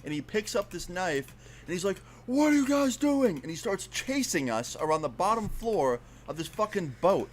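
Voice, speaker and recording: A man's voice: fairly high pitch, animated, moderate pace, a little hiss or hum. A young man casually retelling a frightening story, swearing often and leaning on fillers. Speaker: storyteller in a played video.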